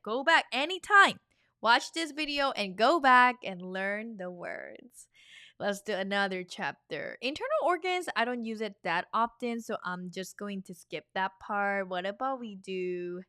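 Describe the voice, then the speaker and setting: A woman's voice: mid-range voice, sharp tone, clear, resonant tone, no room sound, clean studio sound. A young woman teaching a vocabulary lesson, chatty and encouraging, repeating each word three times for the learner to copy. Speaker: Korean language teacher.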